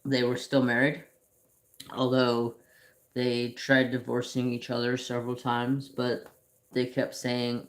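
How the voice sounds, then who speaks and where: A man talks slowly and unhurriedly as he paints, filling the time with rambling family stories. His pitch sits in an ordinary middle range, and he often stops and restarts his sentences. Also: completely flat delivery. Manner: slow, rambling storytelling with restarts. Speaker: craft channel host. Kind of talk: casual chat while painting.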